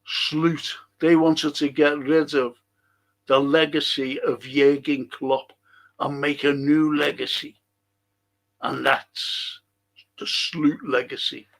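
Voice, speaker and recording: A man's voice: fairly high pitch, level tone, slow pace, vocal fry, a bit bright. A man hosting a live fan show, reading viewer comments and ranting bluntly with plenty of swearing. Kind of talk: live-stream chat reading and rant.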